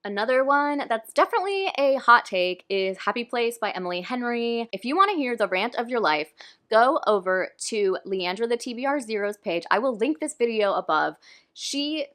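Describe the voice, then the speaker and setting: A woman's voice: on the high side, animated, moderate pace, a bit bright. A young woman reviewing books in casual, ranting chat, full of "like" and fillers. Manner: chatty, frequent "like", ranting. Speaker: book reviewer.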